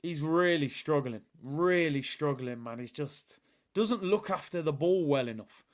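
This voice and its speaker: A man hosts a live football watchalong in a chatty, upbeat way. His voice sits a little higher than most men's. He reads out viewer comments and gives them shout-outs between his match analysis. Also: a little slow.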